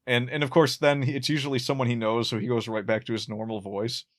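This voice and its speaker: A man's voice: medium pitch, little pitch movement, fast. A man co-hosting a podcast, chatting casually about a classic sitcom, rambling with frequent restarts and chuckling at his own jokes. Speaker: podcast co-host.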